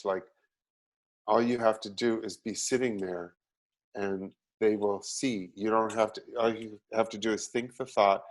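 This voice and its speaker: A man, an actor as a guest, chatting casually and telling animated, self-deprecating stories. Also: fairly low pitch, moderate pace. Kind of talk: casual chat.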